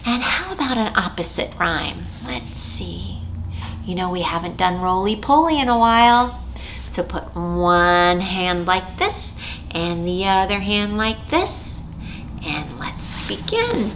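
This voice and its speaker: A woman's voice: fairly low pitch, takes it slowly, a little hiss or hum. A woman leading a children's storytime, chanting rhymes and talking to a puppet with big exaggerated gasps. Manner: animated, sing-song, gasping with exaggerated surprise. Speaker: children's librarian.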